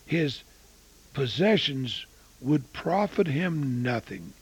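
A man in his eighties preaching a storytelling sermon, swinging between loud exclamations and hushed asides. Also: a little high, sing-song, drawn-out words, husky, dry recording, lo-fi sound. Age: 80s.

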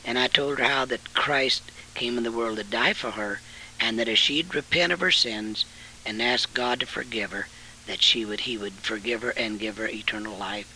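Fervent older preacher. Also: male voice, mid-range voice, normal speed, a little hiss or hum, poor audio. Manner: fervent preaching with sudden loud rises, then quiet storytelling. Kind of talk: sermon.

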